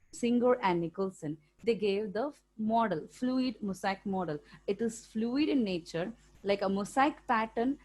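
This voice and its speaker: A woman with an Indian English accent teaching a school science lesson, explaining step by step and often checking in with "okay?". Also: mid-range voice. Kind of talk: classroom lecture for students.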